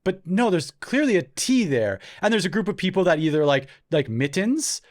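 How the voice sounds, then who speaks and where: A man's voice: sits high, animated, fairly quick. A young man from Ontario, Canada, co-hosting a podcast in casual chat, rambling with self-deprecating asides. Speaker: podcast co-host.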